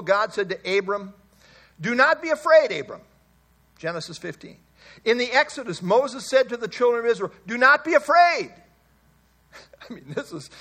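A man's voice: high-pitched, pushed and bright. A male pastor giving an expository Bible sermon, earnest and emphatic, often repeating key phrases and chuckling.

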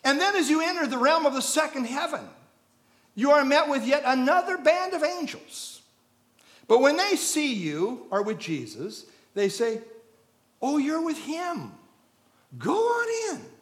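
A man preaching a sermon, telling an illustration story and building to loud, emphatic peaks. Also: very high voice, animated, moderate pace. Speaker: pastor.

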